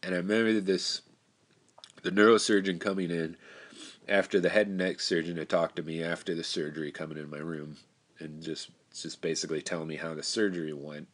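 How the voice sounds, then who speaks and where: Young guy, very low voice, rambling candid storyteller, casual. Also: fairly even intonation, fairly quick. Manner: rambling, candid, with frequent restarts and profanity. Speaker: storyteller recounting personal experience.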